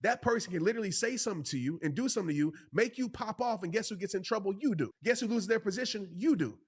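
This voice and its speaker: Fast, emphatic motivational man. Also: high-pitched, expressive, slightly rough. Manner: emphatic, repeats phrases for stress, preacher-like cadence; addresses listeners directly as "y'all" and "bro". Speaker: podcast host and motivational speaker. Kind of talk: motivational podcast monologue, preaching.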